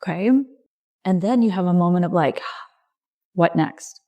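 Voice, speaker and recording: Middle-aged woman, lowish voice, soft reassuring podcast coach, slow short phrases. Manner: gentle, reassuring, speaks slowly in short phrases. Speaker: leadership coach and podcast host. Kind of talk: reflective solo podcast talk.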